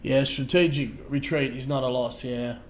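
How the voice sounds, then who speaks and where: An Australian man hosting a casual livestream, talking to viewers in a halting way, repeating words and trailing off softly. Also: medium pitch, fairly even intonation, slight background noise. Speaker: livestream host.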